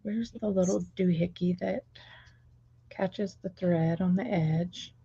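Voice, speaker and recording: A woman co-hosting a craft stream, dropping dry joking asides as she works. Her voice is gravelly with a mid pitch. The sound is dull, lo-fi and close-miked. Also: takes it slowly, dark tone, no room sound. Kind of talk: casual chat while crafting.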